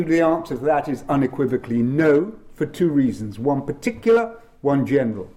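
A man speaking on constitutional law at a panel, emphatic and lively, with frequent fillers. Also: medium pitch. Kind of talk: lecture-style panel talk.

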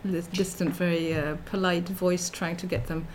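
A woman's voice: fairly low pitch, steady tone, moderate pace, a little mellow, slight background noise. Woman giving a thoughtful academic talk. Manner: thoughtful, with frequent fillers and restarts. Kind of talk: academic lecture.

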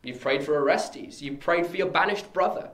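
A man's voice: fairly high pitch, normal speed, a bit bright, pitched above the performer's own voice, close to an everyday voice. A man voicing a young man who has come home to his sister, earnest and reassuring as he reads a stage scene aloud. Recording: echoey room.

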